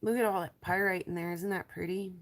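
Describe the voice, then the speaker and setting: A woman with a stuffy nose and a raspy voice from allergies, chatting casually on a live stream as she shows rocks and trails off with ums. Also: fairly low pitch, steady tone, a little fast. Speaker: lapidary showing rocks to viewers.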